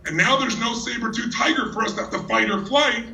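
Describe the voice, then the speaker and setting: A man giving a motivational talk on stage to a live audience, telling stories in an energetic, emphatic way. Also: very high voice, fairly quick, gravelly. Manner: energetic storyteller, teasing and emphatic. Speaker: motivational speaker. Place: large hall with a live audience. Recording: echoey hall from far off.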